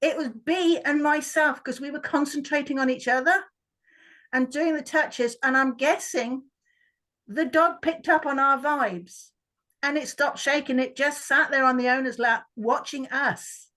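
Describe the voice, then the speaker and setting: A woman's voice: high voice, fairly even intonation, a little slow, pushed and bright, poor audio. A woman, a workshop participant, chattily telling a story about her dog on a video call. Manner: chatty, with restarts.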